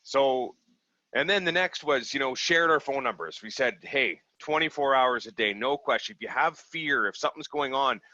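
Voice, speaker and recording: A man, a small business owner from Canada, telling stories in a casual, animated way and acting out the people he quotes. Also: medium pitch, normal speed, no room sound, muffled recording. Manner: animated, acts out quoted people, laughs easily. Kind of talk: casual storytelling over video call.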